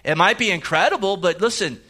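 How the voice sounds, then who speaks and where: A man's voice: high-pitched, lively intonation, brisk, bright, forceful tone. A man preaching a sermon in a conversational way, with frequent restarts and asides as he explains scripture. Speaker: pastor.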